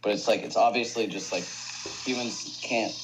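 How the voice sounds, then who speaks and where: A man's voice: on the low side, fairly even intonation, normal speed, over music. A man chatting casually on a video call, laid-back and swearing, drifting into tangents. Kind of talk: casual chat. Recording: dull lo-fi sound with faint noise.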